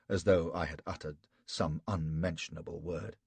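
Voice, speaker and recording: A man's voice: rumbling low, fairly even intonation, normal speed, hardly any pauses, slightly rough, no echo. A man narrating an audiobook in the first person, in a wry, sardonic storytelling manner.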